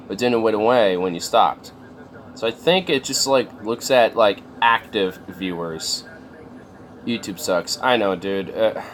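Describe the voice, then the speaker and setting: A man's voice: mid-range voice, slight background noise. A man chatting casually on a livestream, rambling and swearing, with lots of fillers. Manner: rambling, profane, many fillers.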